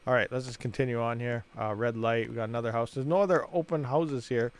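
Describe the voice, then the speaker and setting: A man's voice: medium pitch, fairly even intonation, fast. A man hosting a gaming channel, rambling and thinking aloud as he plays and talks to his viewers. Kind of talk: casual gameplay commentary.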